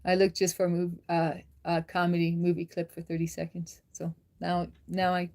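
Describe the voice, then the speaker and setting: A woman's voice: fairly low pitch, monotone, moderate pace, a little mellow. A woman hosts a casual livestream, talking with viewers and laughing easily. She says she is worn out, and she chats along loosely, reacting to comments as they come in. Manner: chatty, laughs often, answers viewer comments. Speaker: livestream host.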